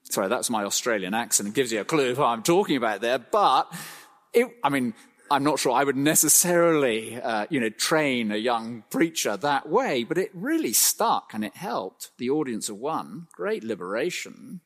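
A man preaching an expository sermon, emphatic, slowing to stress phrases and swinging his pitch widely. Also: very animated, fairly bright tone, long reverb tail.

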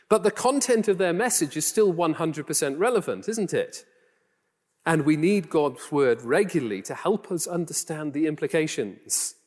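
Geordie preacher in a reverberant hall. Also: male voice, a little high. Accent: Geordie, toned down. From Newcastle, England. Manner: conversational, rhetorical questions, self-deprecating asides. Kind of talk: sermon. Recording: long reverb of a church hall.

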